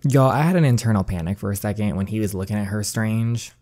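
A man's voice: lowish voice, fast talker, dark tone. A man giving chatty, gushing commentary as he plays through a story game, peppering his talk with "like.". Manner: chatty, gushing, uses "like" a lot. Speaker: gaming channel host. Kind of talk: casual let's-play commentary.

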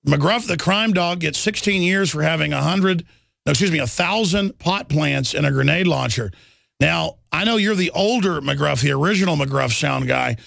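A man hosting a talk radio show, brash and mocking, talking fast and excitably with a caller. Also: a little high, no room sound, studio quality. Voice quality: gravelly. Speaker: radio host.

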